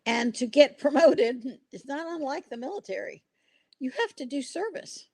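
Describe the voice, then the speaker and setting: A woman's voice: high-pitched, expressive, normal speed, vocal fry, a little mellow, no room sound. An older woman hosting a podcast, telling stories in an earnest, rambling way with restarts. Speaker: podcast host. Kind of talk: casual podcast conversation.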